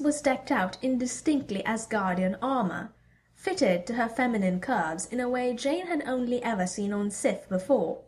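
A woman's voice: a little high, animated, normal speed, a little mellow. Woman reading a story aloud. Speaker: audiobook reader. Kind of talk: storybook narration of fan fiction.

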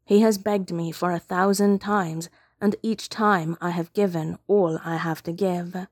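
A woman's voice: fairly low pitch, fairly even intonation, a little slow, no echo, clean studio sound. Woman reading as a scornful, menacing brother. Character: cold possessive male immortal, brother.

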